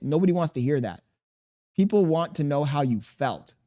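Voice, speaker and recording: A young man chatting casually on his livestream, reading chat aloud and talking slowly on purpose, with plenty of swearing. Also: on the high side, animated, dark tone. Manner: laid-back, deliberately slow storytelling, swearing, reading chat aloud. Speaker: streamer.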